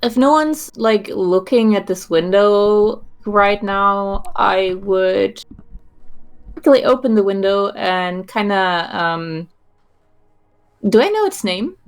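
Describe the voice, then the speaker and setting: Slow, gravelly-voiced woman playing a game. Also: mid-range voice, animated. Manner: hesitant, describes her actions step by step. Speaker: player. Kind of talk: casual tabletop play.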